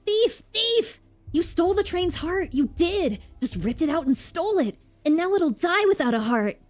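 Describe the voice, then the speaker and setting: A woman's voice: very high-pitched, very animated, normal speed, voice pushed up. A woman voicing a cheeky young boy who teases and taunts in a childish, mocking way. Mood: taunting. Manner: mocking, playful, childish questions.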